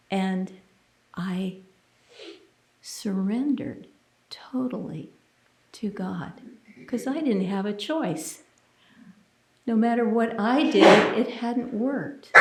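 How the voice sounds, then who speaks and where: A woman preaches at an unhurried pace, telling a personal testimony in an earnest, intimate way. Her voice sits at a middle pitch and now and then drops to a hushed near-whisper. The sound is roomy and echoey, as in a church sanctuary. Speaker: minister giving a sermon.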